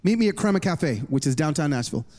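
High-voiced man preaching in a hall. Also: fast. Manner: energetic storytelling with jokes. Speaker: worship pastor. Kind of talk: sermon. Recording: long reverb of a large hall.

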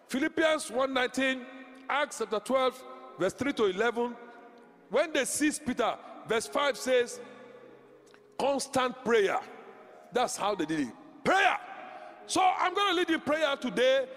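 A man preaching a charismatic sermon, shouting declarations, speaking in tongues and leading the congregation in call-and-response. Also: very high voice, animated, normal speed. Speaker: pastor. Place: large church sanctuary. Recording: reverberant church hall.

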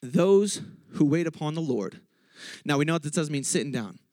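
A man preaching a casual, energetic sermon in church, joking and interrupting himself as he gets excited. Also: on the high side, moderate pace, dry recording.

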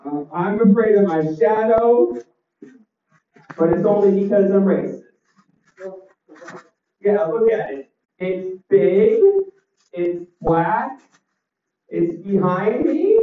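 A man doing a deadpan stand-up set with one-liners and crowd chat, his voice a little crackly, on a small club stage. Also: high-pitched, slow pace, long pauses. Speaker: stand-up comedian. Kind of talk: open mic stand-up set. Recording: roomy, distant, dull club recording.

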